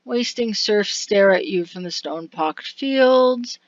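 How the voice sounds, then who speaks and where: A woman's voice: medium pitch, animated, slow pace, no room sound, muffled recording. A woman casually narrating a video game, reading its text aloud with chatty asides and frequent laughs. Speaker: let's-play narrator.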